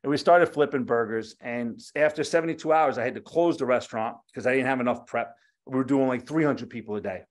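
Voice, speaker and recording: A man's voice: medium pitch, a little fast. A middle-aged man, a chef and restaurateur, telling stories in a casual interview and acting out the dialogue as he goes. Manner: animated, acts out quoted dialogue, swears casually.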